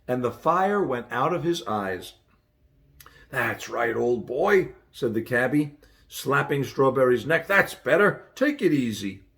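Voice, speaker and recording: A man reading a children's fantasy story aloud as audiobook narration, with expressive storytelling. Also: a little high. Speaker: audiobook reader.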